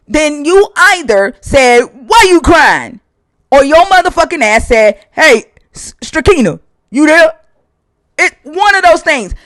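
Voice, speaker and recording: A man's voice: very high-pitched, sharp tone, no echo. A man hosting a live stream debate, cursing freely and pressing a caller with insistent, repeated questions. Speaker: stream host.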